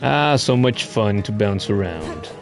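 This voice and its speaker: A man streaming a video game, chatting casually in a relaxed, rambling way and swearing at the game. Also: fairly low pitch, measured pace, music in the background. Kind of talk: casual gaming commentary.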